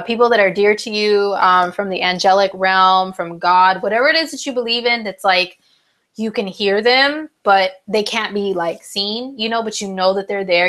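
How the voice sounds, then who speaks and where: A young woman talks through horoscopes for each sign in a loose, conversational stream. She leans on fillers and jokey asides, sometimes slipping into a higher voice to mimic friends. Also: a bit bright. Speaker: astrology host. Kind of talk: casual live horoscope talk.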